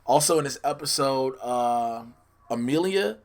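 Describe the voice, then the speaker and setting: A man's voice: mid-range voice, expressive, measured pace. A man hosting a solo podcast, chatting casually and in a scattered way. He often corrects himself and teases his listeners with spoilers. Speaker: podcast host.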